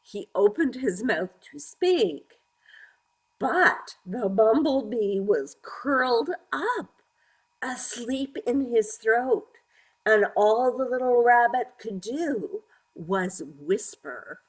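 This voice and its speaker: A woman reading a picture book aloud to young children, gently asking them questions as she goes. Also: a little high, lively intonation, takes it slowly, husky.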